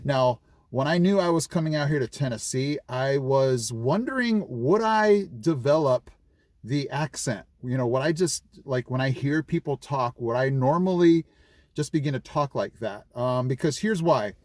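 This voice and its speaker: A man's voice: medium pitch, expressive, moderate pace, darkish tone, dry recording. Chatty man rambling with fillers. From California. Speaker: vlogger. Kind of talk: casual vlog chat.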